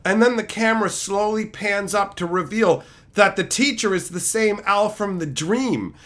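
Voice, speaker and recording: A man streaming live, telling a story as an exasperated, profane rant that builds into shouting. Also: high voice, moderate pace. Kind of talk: ranting storytelling to a live chat.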